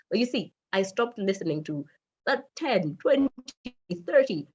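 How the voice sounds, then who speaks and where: A middle-aged Kenyan woman with a Kenyan accent, a radio manager giving a lively motivational talk and slipping into Swahili phrases. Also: fairly low pitch, brisk, slightly rough, muffled recording.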